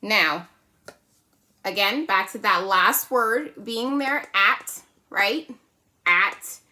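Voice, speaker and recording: A woman teaching a phonics lesson to young children, patient and slow, checking in often with "right?" and "okay?". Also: medium pitch, animated, sharp tone. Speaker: kindergarten teacher.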